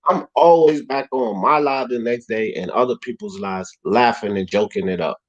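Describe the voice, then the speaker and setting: A man hosting a boxing talk livestream, animated and heated, swearing freely and rising to shouts. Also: fairly low pitch, moderate pace, dull audio.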